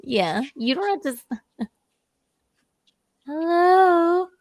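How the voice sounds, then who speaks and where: A woman's voice: mid-range voice, animated, measured pace, no echo, studio quality. A young adult woman hosting a casual livestream chat, gushing and telling stories. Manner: gushing, chatty storyteller. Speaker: livestream host.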